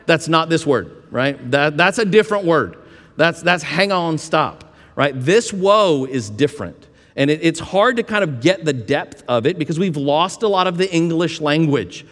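Man, pastor delivering a chatty sermon with homespun asides; fairly high voice, echoing church hall. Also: moderate pace. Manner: conversational preaching with folksy asides and frequent restarts. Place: church sanctuary. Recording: long reverb of a church hall.

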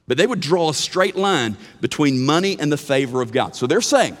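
A man preaching a sermon as pastor, animated, swinging from emphatic lines to hushed ones. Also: a little high, moderate pace, few pauses, long reverb tail. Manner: animated preaching with sudden drops to a hush. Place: church sanctuary.

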